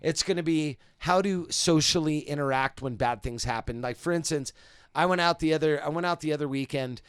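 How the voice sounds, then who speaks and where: A man's voice: a little high, brisk, clean tone, dry recording, clean studio sound. A man, a comedian guest on a podcast, telling a profane story in casual chat. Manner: animated, profane storytelling, acts out quotes loudly.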